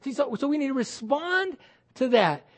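High-voiced man preaching emphatically. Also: moderate pace. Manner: animated, emphatic preaching with repeated words and acted-out quotes. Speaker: pastor. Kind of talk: sermon.

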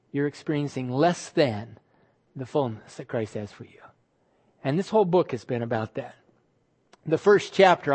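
Male pastor, high-pitched, emphatic sermon delivery with drawn-out words. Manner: emphatic, drawn-out words, sudden drops to quiet.

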